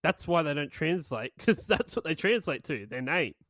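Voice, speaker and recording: A brash man co-hosting a comedy podcast, his voice sitting quite high as he swears and jokes with his mates. He is recorded close on a dry mic with no room sound. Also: very animated, moderate pace, fairly bright tone, no room sound. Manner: brash, swears freely, reads lyrics aloud. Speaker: podcast co-host. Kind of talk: casual comedic banter.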